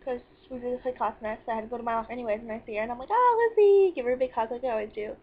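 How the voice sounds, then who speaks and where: A woman's voice: on the high side, little pitch movement, racing, narrow, tinny audio, slight background noise. A teenage girl venting about her day in a rambling, sarcastic personal vlog. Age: teens. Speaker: vlogger.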